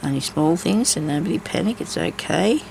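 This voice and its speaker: Gravelly, rambling woman crafter. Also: on the low side, animated, normal speed, darkish tone, a little hiss or hum, rough recording. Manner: rambling, chatty storytelling with many asides. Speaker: craft vlogger. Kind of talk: casual chat while embroidering.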